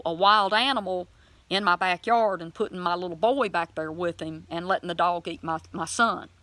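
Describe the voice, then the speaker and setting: A woman telling a personal faith testimony in a plain-spoken, folksy way, animated and emotional as she acts out her own words. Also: lowish voice, dry recording. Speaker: Christian vlogger sharing a testimony.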